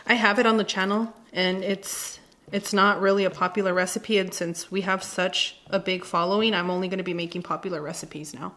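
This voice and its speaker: A woman's voice: mid-range voice, fairly even intonation, a little fast, a bit bright. Home cooking host, woman, 30s, playful and chatty, tosses in Spanish words. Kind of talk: casual cooking demonstration. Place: home kitchen.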